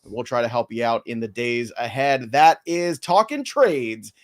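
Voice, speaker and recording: A man hosting a casual sports podcast, playful and laughing often as he runs through a quick rundown. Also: mid-range voice, expressive. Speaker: podcast host.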